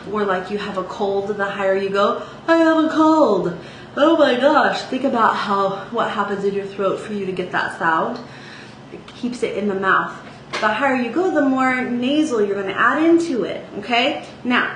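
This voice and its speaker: A woman's voice: mid-range voice, fairly bright tone. A woman teaching a singing lesson, speaking casually with sung demonstrations and frequent "okay?" check-ins. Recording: echoey room with faint ambient noise.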